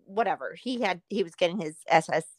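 A woman from Southern California co-hosts a podcast, chatting casually, bluntly and with plenty of swearing while laughing along. Her voice is fairly low with lively intonation and a fairly quick pace, in a dry recording.

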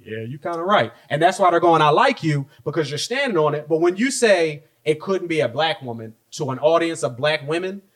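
A man's voice: on the high side, lively intonation, a little fast, few pauses. A young man co-hosting a podcast in casual chat, telling a story and acting out the quotes with some swearing. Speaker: podcast co-host.

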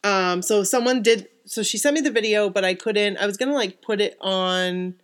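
A woman's voice: medium pitch, moderate pace. Chatty woman podcast host. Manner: chatty, many fillers, gets emotional. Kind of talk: casual chat, reading listener stories aloud.

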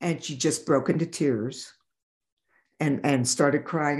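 A vision therapist telling a patient story in an interview, animated and acting out the dialogue. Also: medium pitch, a little slow. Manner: animated, acts out quoted dialogue.

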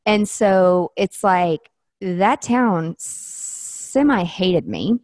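A woman's voice: on the low side, very slow, darkish tone, no room sound, studio quality. A woman from Nashville, a wedding planner, telling a story in casual chat with many fillers and restarts. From Nashville, USA.

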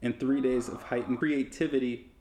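A man co-hosting a podcast, chatting casually and explaining things in a relaxed way. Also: medium pitch, moderate pace, a little hiss or hum. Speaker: podcast co-host. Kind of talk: casual chat.

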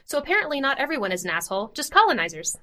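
Chatty woman podcast host, bright sharp voice, laid back recap vibe. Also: high-pitched, racing. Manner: lively, chatty and self-deprecating. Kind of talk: casual podcast chat and plot summary.

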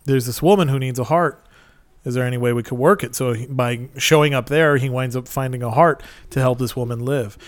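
A man's voice: medium pitch, fairly quick, dry recording. A man telling stories in casual chat, rambling and enthusiastic with plenty of fillers.

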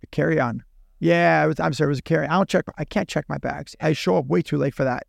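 This man, a guest on a podcast, has a gravelly voice on the high side and speaks quickly. In a relaxed chat he spins a long story, animatedly voicing both sides of the conversation himself, captured in clean studio sound with no room noise.

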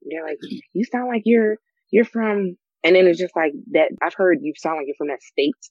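A young man from the United States in a casual group chat, animated and acting out the voices of people he quotes. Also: high-pitched, normal speed, dry recording. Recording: slightly dull lo-fi sound.

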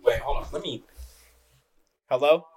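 A man's voice: mid-range voice, a little slow, a crowd in the background. A man co-hosting a casual podcast chat, joking around in a loose, profane way.

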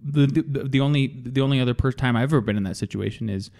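Quick, eager male interviewer. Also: medium pitch, creaky, darkish tone. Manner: eager questioner, restarts questions. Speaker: podcast host, business owner. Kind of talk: casual interview chat.

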